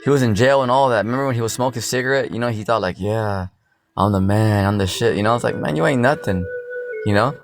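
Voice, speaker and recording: A man's voice: medium pitch, very fast, creaky. A man giving an informal scripture commentary, rambling and blunt, full of "you know" fillers and slang. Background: music playing underneath.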